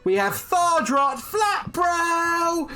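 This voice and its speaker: A man voicing an excitable female announcer calling out contestants at a pub drinking contest in a tabletop game. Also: extremely high pitch, soft background music, voice pushed up, heavily acted. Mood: hyped. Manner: shouting, drawn-out hype calls.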